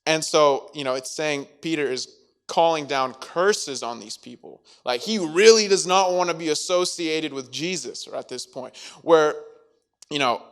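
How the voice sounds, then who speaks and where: Speaking unhurriedly in a clean, somewhat high voice, this man gives a youth sermon. Between passages of scripture he plays out scenes and slips in jokes, keeping the mood lighthearted.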